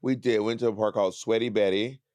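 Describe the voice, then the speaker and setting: A man's voice: fairly low pitch, fairly even intonation, a little mellow, no echo. Teasing man, dry close sound. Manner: playful, teasing, drawn-out emphasis. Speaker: podcast co-host. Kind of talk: casual chat.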